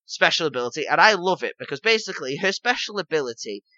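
Bright-voiced rambling podcast guy. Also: on the high side, expressive, fast, dry recording, lo-fi sound. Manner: rambling, repeats himself, lots of "basically" and "obviously". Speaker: podcast co-host. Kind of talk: casual gaming podcast chat.

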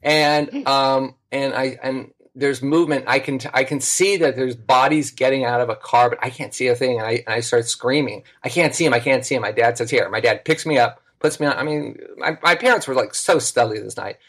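A middle-aged man tells a story as a guest on a podcast, in an easy conversational way. He gets animated and acts out the voices of the people in his tale, and his voice sits at a medium pitch. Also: a little fast, few pauses. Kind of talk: casual storytelling.

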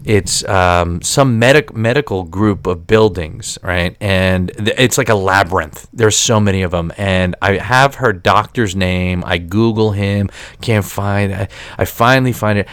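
Brief: male podcast host, lively swinging pitch, dry close sound, profane storyteller. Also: dry recording. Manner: rambling, profane, animated with many restarts. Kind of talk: storytelling monologue.

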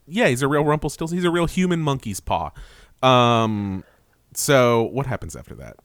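Male podcast co-host, chatty and giggly, very expressive pitch, dry close mic. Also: normal speed, dry recording. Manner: rambling, laughing, quoting characters in goofy voices. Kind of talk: casual chat recapping a cartoon.

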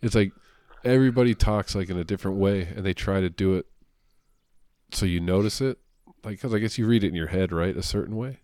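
A man, co-hosting a casual comic book podcast, rambling with many fillers and quick impressions. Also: deep voice, a little mellow, clear, resonant tone, dry recording, studio quality. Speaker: podcast co-host.

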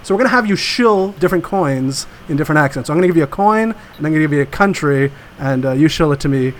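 A man's voice: on the high side, animated, fast, slight background noise. A man co-hosting a podcast in casual chat, joking and playful. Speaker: podcast co-host.

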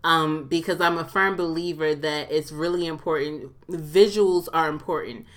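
A woman's voice: sits low, fairly even intonation, normal speed, a bit bright. A woman in a casual podcast chat, chatty and frank, laughing often. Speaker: podcast co-host.

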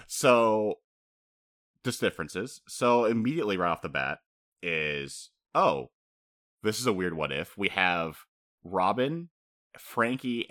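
A man's voice: fairly low pitch, a bit bright, no echo, clean studio sound. A man co-hosting a podcast in casual chat, rambling and chatty, often laughing as he talks. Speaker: podcast co-host.

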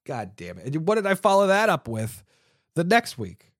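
A man's voice: a little high, wildly swooping pitch, moderate pace, dry recording, clean studio sound. A man hosting a casual podcast alone, rambling and mocking himself, with frequent swearing and restarts. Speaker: podcast host.

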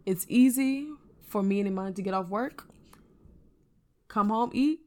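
A woman co-hosting a casual faith podcast, telling a personal story in an earnest, animated way. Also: medium pitch, normal speed. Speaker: podcast co-host.

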